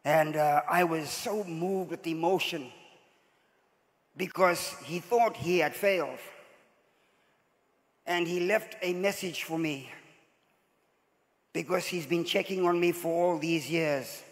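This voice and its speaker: A man's voice: on the high side, slow pace, long pauses. A man in his sixties from Zimbabwe, preaching a sermon as a bishop and telling his story with sudden rises as he acts out the voices in it. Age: 60s. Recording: long hall reverb.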